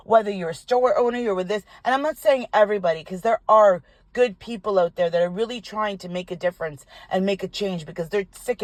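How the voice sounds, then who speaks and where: An older woman, a tarot reader, telling a personal story in an animated, indignant way, with some swearing. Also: medium pitch, no room sound. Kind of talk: casual storytelling vlog. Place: parked car.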